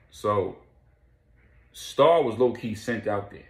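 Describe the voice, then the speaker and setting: Brief: casual male storyteller, slangy, low voice, roomy sound. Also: measured pace, gravelly. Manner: slangy, rambling.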